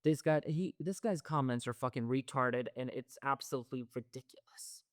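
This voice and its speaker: The host of a wrestling reaction show rants heatedly, swearing a lot and repeating phrases. He has a mid-range voice at normal speed, captured in studio quality without room sound.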